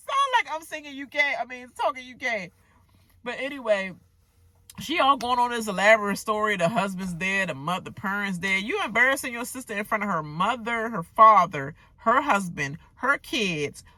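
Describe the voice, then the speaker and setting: Bright-voiced woman ranting about TV. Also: on the low side, moderate pace, dry recording. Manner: animated, profane, joking asides. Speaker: TV recap vlogger. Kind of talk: casual ranting recap.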